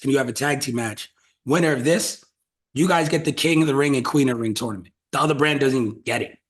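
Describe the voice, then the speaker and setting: A man hosting a casual podcast, talking loosely and profanely as he brainstorms out loud. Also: medium pitch. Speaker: podcast host.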